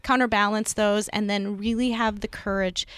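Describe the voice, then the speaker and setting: Smooth-voiced woman podcast host. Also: mid-range voice, steady tone, moderate pace, fairly bright tone, no room sound. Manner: thoughtful, feels her way through long questions. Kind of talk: interview conversation.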